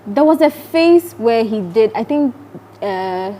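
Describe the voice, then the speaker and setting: A new mother chatting on a talk show with a fairly high but mellow voice, talking casually and laughing lightly. A faint hum runs in the background. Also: animated, slow pace.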